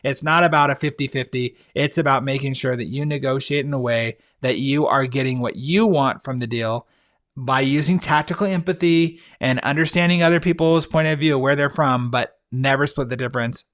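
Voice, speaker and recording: A man's voice: medium pitch, fairly even intonation, normal speed, fairly bright tone. A man hosting a podcast, talking through book picks in a casual, enthusiastic way, with frequent fillers and restarts. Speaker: podcast host. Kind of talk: casual monologue recommending books.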